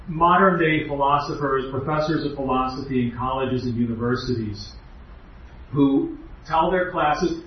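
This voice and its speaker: A man giving an earnest, emphatic doctrinal lecture as a preacher, with rhetorical questions. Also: on the high side. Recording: echoey hall, distant, muffled.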